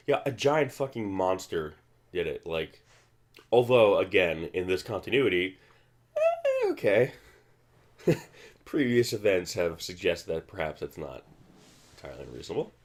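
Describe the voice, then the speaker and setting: Male commentary host with a deep, low voice, casual and rambling, full of restarts. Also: animated, normal speed. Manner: rambling, many restarts and fillers.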